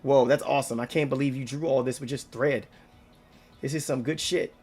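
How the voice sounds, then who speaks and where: A man's voice: medium pitch, steady tone, brisk, a little mellow, husky, faint music behind, close to an everyday voice. A man reading game dialogue aloud, voicing a brash young female knight who swears casually and talks with swagger. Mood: excited.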